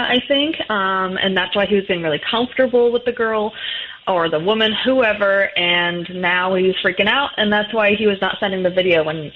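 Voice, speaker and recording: A woman calling in to a radio show, speaking in a halting, hesitant way. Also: mid-range voice. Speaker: caller. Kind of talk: phone-in call. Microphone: phone. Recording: muffled phone line, faint background noise.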